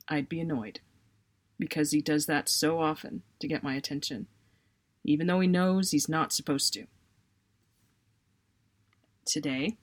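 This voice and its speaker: Woman writer, lowish husky voice, wry storyteller reading her own piece aloud. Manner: wry, expressive, self-mocking humor. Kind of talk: personal storytelling read aloud.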